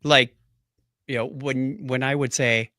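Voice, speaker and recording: A man's voice: mid-range voice, fairly even intonation, slow, sharp tone, no echo, studio quality. A man co-hosting a podcast, telling a rambling story in casual chat and laughing often. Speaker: podcast co-host.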